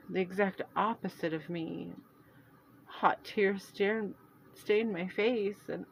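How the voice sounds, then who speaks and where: A woman reading her own fantasy novel aloud in first person, earnest and halting with restarts. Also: mid-range voice, low-quality recording.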